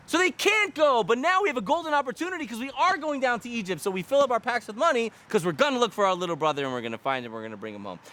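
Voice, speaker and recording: A man giving a lively Torah lecture, firing rhetorical questions and repeating key lines for emphasis. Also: very high voice. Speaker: Torah teacher.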